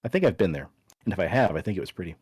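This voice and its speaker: Lively low-voiced man telling a story. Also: very fast, breathy edge, dry recording. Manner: playful, dry storytelling. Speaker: podcast host.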